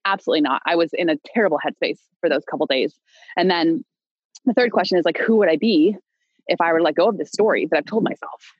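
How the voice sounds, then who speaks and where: A woman's voice: fairly low pitch, fast talker, slightly rough, no echo, lo-fi sound. Young woman telling a rambling story. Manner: rambling, many fillers and restarts, laughs now and then. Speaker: podcast guest. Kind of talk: casual conversational storytelling.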